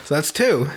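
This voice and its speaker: A podcast host on a remote call retells a movie as animated storytelling, casual and profane, laughing often.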